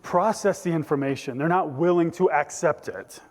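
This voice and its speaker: Speaking at a moderate pace in a voice on the high side, this pastor keeps his sermon chatty and humorous, performing the voices of scripture characters. Reverb from the church sanctuary colors the sound.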